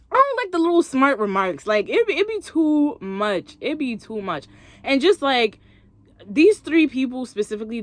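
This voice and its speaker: A young woman with a slightly high voice vlogs to camera with no echo, telling a story in casual, expressive chat. She acts out what other people said.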